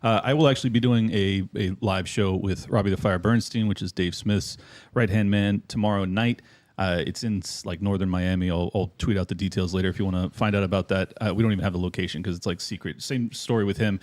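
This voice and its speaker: A man who is a guest comedian talks in quick, joking banter. His voice sits fairly low. He rattles his words off fast. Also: fairly even intonation, darkish tone. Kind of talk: casual chat.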